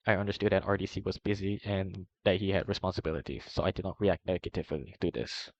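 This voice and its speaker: A man reading a long document aloud in a steady way, now and then stumbling and correcting himself, in a dull, slightly muffled recording. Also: deep voice, fast talker. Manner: steady reading with small slips and self-corrections. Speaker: reader of a document. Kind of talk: long read-aloud narration.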